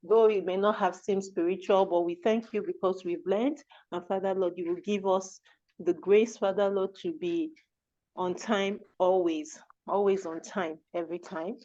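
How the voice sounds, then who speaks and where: A woman's voice: mid-range voice, steady tone, moderate pace, dark tone, muffled recording. A woman on an online call who speaks firmly and then leads a fervent closing prayer. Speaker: community member leading prayer. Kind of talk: emphatic comment and closing prayer. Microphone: video call.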